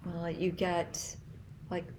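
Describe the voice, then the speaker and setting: A middle-aged mother chatting casually with her grown child, telling family stories in a meandering way and getting animated when she quotes people. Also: lowish voice, takes it slowly, a little hiss or hum. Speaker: mother of the other speaker.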